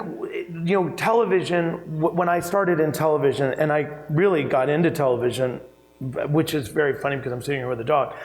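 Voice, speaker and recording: A man speaking as a keynote guest in an on-stage interview, telling anecdotes in a chatty, animated way with frequent fillers and laughter. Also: fairly high pitch, rough recording. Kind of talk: conversational storytelling on stage.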